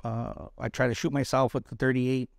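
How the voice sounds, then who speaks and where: A man with a gravelly voice, recorded dry and close, tells his story as a guest on a candid interview. He is from East Los Angeles and talks bluntly and profanely, often stumbling over repeated words. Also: medium pitch, little pitch movement, normal speed, no room sound. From East Los Angeles, USA. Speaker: interview guest, Army combat veteran.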